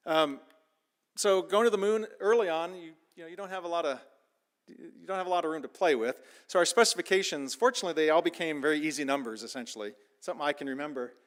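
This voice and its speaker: Chatty man giving a technical talk. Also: a little high. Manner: casual, many fillers and restarts. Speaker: conference speaker.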